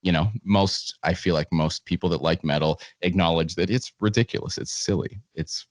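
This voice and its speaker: A man guest telling lively stories over a remote podcast call, laughing often and swearing freely. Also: deep voice, normal speed, dry recording, studio quality. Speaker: podcast guest, comedian and video reviewer. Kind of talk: casual storytelling chat.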